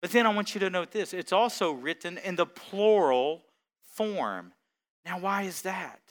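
A man's voice: high-pitched, animated, a little slow. A man preaching a sermon as pastor, building to emphatic repeated phrases and chuckling between points.

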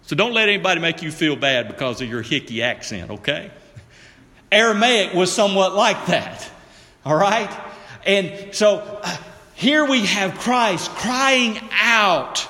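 A high, bright-voiced man preaches at an unhurried pace. He leans on emphasis and sinks into low, hushed tones, then turns to address his congregation directly. His voice rings with a long reverb, as in a church hall. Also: expressive. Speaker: pastor. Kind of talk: sermon.

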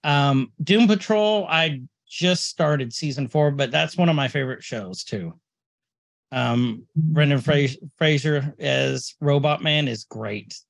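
A man hosting a relaxed podcast, his voice sitting a little high for a man. He talks in a chatty, laughing, rambling way. The sound is dry and close, with no room around it. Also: slow pace, gravelly, dry recording. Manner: chatty, laughing, lively storytelling. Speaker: podcast host. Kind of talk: casual chat.

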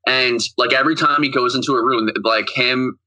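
Bright-voiced man recapping a movie. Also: mid-range voice, fairly even intonation, fairly quick, rough recording. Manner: rambling, retells scenes with quoted lines. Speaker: podcast co-host. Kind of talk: casual movie recap chat.

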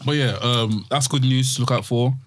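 A man's voice: mid-range voice, normal speed, no room sound, clean studio sound. Young male co-host, easygoing slangy chatter. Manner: slangy, easygoing, lots of filler ums. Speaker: podcast co-host. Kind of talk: casual chat.

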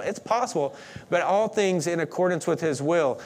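A pastor preaching a sermon in a conversational way, with playful asides. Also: male voice, on the high side, moderate pace, vocal fry, a little hiss or hum.

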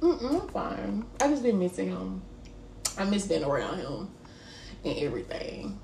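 A woman's voice: medium pitch, big pitch swings, measured pace, gravelly, dark tone, reverberant, a little hiss or hum. A woman co-hosting a podcast, talking candidly and emotionally in casual slang. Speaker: podcast co-host. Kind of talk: casual chat.

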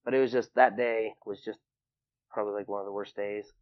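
A young man being interviewed tells a personal story in a casual, rambling way, packed with fillers. His voice is lowish and steady and he speaks fairly quickly, acting out what other people said in a raised voice. The recording is dry and dull.

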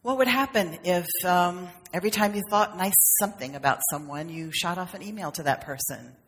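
A woman's voice: fairly low pitch, a little fast. A woman minister giving a conversational, humorous sermon, with playful acted asides. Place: church sanctuary. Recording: long reverb of a sanctuary.

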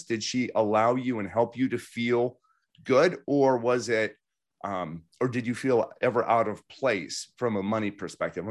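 A man hosting a podcast interview, talking with enthusiasm and affirming his guest, with lots of fillers. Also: fairly low pitch. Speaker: podcast host. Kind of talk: casual interview talk.

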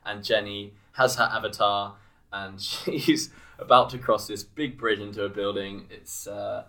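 A man's voice: on the low side, steady tone, a little slow, sharp tone. A young man co-hosting a podcast in casual chat, amused and teasing as he laughs between lines. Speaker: podcast co-host.

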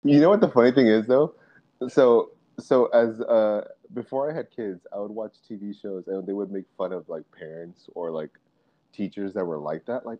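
A man's voice: fairly low pitch, normal speed, highs cut off. A man in his thirties chatting casually as a podcast guest, joking and laughing a lot. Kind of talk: casual chat.

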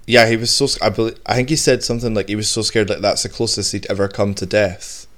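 A male podcast host tells a story in easy, casual chat. His voice sits a little low, and he wanders through restarts and asides with animated energy. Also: quick pace.

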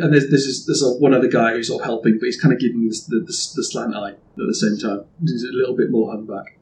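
A man's voice: mid-range voice, fairly even intonation, quick pace, few pauses, a little hiss or hum. Hesitant man running a tabletop game. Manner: rambling, hesitant, laughs often. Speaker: game master.

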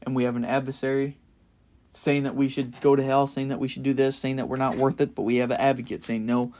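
An earnest young man preaches in a casual, conversational way, talking through a passage for his podcast. His voice sits at an ordinary middle pitch and swells with enthusiasm at the high points. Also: quick pace. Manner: earnest and enthusiastic, rising to loud bursts of excitement. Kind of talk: casual Bible-study sermon.

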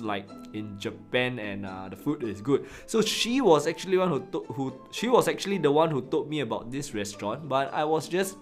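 A man with a Singaporean English accent tells everyday stories on his own podcast in a loose, colloquial, self-deprecating manner. His voice sits at a mid pitch for a man, and soft guitar music plays faintly underneath. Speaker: podcast host. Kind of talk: casual storytelling monologue.

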